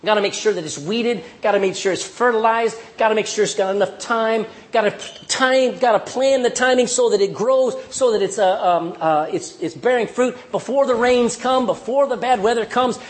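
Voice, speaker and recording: A middle-aged man preaching a sermon, animated and emphatic, acting out little scenes and hammering points with repetition. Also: high voice, normal speed, few pauses.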